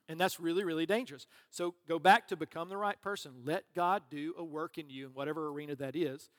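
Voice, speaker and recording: A man's voice: a little high, fairly even intonation, brisk. A man preaching a sermon as pastor, conversational and joking, with asides to the congregation. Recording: long reverb of a large hall.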